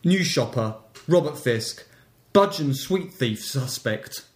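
A man's voice: medium pitch, expressive, takes it slowly. Male co-host, dry and punny, reading odd local news in an echoey room. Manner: wry, reads stories aloud with puns. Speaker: podcast co-host. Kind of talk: casual comedic chat reading local news.

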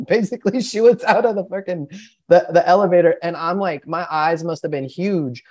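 A man's voice: high-pitched, moderate pace, a little mellow. A young man telling a long personal story in a casual podcast chat, rambling and profane, with lots of filler words. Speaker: podcast guest.

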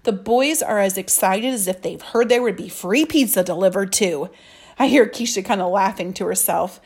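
A woman reads a children's story aloud in the first person. Her narration is soft and earnest. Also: medium pitch, moderate pace, breathy edge. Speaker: audiobook narrator.

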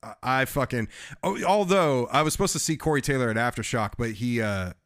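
A man's voice: mid-range voice, a little fast, fairly bright tone, dry recording, clean studio sound. A man chatting casually as a guest on a music podcast, rambling and restarting his sentences, with some swearing. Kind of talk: casual chat.

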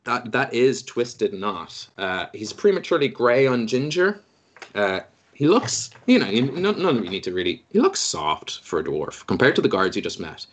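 A man's voice: mid-range voice, sing-song, moderate pace, a little hiss or hum. A man running a tabletop game as game master, describing the scene in a loose, descriptive way.

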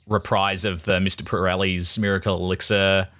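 A man co-hosting a casual film podcast, animated and sweary with blunt opinions. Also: low voice, normal speed. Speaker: podcast co-host, film reviewer. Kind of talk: casual chat.

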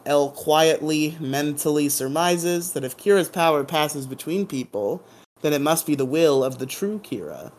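Playful podcast host recapping a show. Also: mid-range voice. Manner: playful, hums dramatic sound effects and laughs. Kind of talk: casual episode recap.

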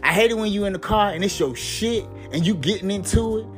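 A man's voice: high voice, fairly quick, soft background music. A man doing a comedic rant to camera, profane and exasperated, with a repeated catchphrase. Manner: profane, exasperated, mock-outraged; repeats a catchphrase between bits. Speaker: vlogger.

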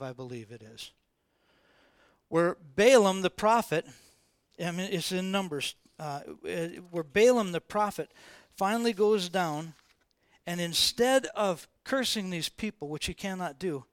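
A man preaching a sermon as informal, animated storytelling, repeating phrases for emphasis. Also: sits high, no echo. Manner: animated, repetitive, colloquial storytelling.

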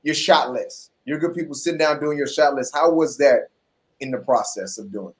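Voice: medium pitch, normal speed. Easygoing host, joking and chatty. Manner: relaxed, joking, filler-heavy. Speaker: podcast host. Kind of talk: casual interview chat.

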